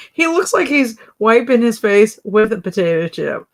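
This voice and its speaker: Her voice sits fairly high and sounds very animated, though she never rushes. As a casual livestream host, she giggles constantly, exclaims often, and reads chat comments out loud.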